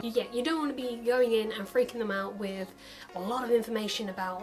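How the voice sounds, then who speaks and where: A woman's voice: on the high side, fairly even intonation, fast, over loud music. A young adult woman vlogging casually to camera in a chatty, upbeat way, acting out the lines of other people now and then.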